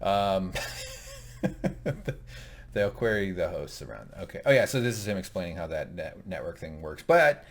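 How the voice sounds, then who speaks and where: Male co-host with a lowish voice who rambles and jokes through a casual recap. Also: big pitch swings, moderate pace, pauses often. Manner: joking, rambling asides.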